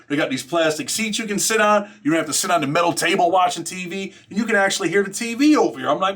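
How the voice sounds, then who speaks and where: A middle-aged man from Rochester, New York, hosts a podcast and tells a jailhouse story in a casual monologue. His voice is a little high, fast and fairly bright, and his street slang is packed with "man" and "right?" as he acts out other people's lines.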